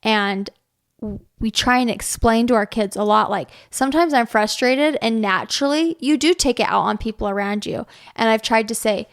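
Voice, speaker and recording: A woman's voice: fairly high pitch, moderate pace, clear, resonant tone. A young woman co-hosting a parenting podcast, chatting in a rambling way with lots of "like"s and restarts. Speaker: podcast co-host. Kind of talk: casual chat about parenting.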